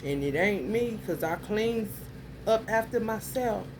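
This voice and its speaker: A woman's voice: medium pitch, lively intonation, unhurried. A woman in a mid-range voice talks straight to her viewers in a blunt, heated rant. She swears freely as she works through her story, and a faint hiss sits under her voice. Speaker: vlogger. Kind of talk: casual monologue to camera.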